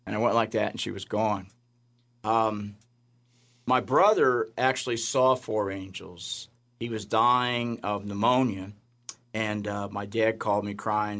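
A man's voice: on the low side, a little slow. A man who works as a jail chaplain, telling personal stories of faith in a radio interview and acting out the voices of the people in them. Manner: animated storyteller, acts out voices.

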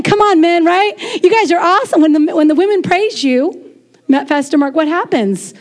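A high-pitched woman preaching to a congregation in a lively, conversational way. She is in her forties and breaks into quick asides and laughs as she talks. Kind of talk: lively sermon.

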